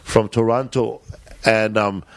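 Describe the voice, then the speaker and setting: A man's voice: fairly low pitch, fairly even intonation, slow pace, no room sound. A middle-aged man, a comedian co-hosting a podcast, telling stories in loose, profane slang over casual chat.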